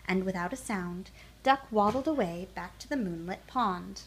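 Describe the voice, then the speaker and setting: A woman reading a children's picture book aloud in a gentle, calm bedtime manner. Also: medium pitch, moderate pace, a little hiss or hum. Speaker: storyteller.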